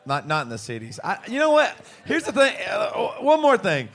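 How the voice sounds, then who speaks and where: Animated American man telling stories. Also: sits high, moderate pace. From United States. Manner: animated, laughing, rambling with restarts. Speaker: podcast co-host and band singer. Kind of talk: live podcast storytelling to a pub crowd. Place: pub with a live audience.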